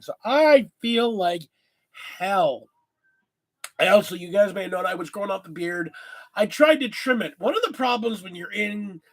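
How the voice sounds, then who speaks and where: Man, high voice, worn out, lingering cough, rambling casual vlog chat, swears freely. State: tired, lingering cough after illness. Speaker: host.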